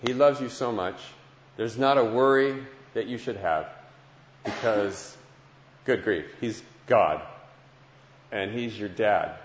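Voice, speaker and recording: Man, earnest sermon, lowish voice, long hall reverb, dull lo-fi recording. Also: takes it slowly, pauses often, slight background noise. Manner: warm, earnest, repeats phrases. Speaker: preacher giving a testimony. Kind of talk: heartfelt Christian sermon. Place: large hall with listeners.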